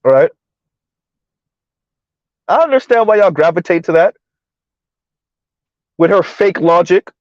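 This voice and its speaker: A man's voice: high voice, slow pace, pauses often, no room sound, lo-fi sound. A man hosting a live stream in casual commentary, mocking and sarcastic as he answers his chat.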